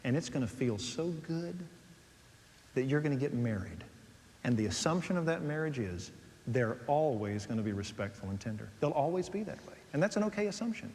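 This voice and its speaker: A man preaching a sermon, animated, swinging between soft and loud as he tells stories. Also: medium pitch, a little fast. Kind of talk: sermon on dating and marriage. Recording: long hall reverb.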